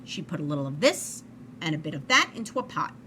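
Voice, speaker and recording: A woman reading a children's story aloud in an expressive, animated way. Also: deep voice, quick pace, slight background noise. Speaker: storybook reader.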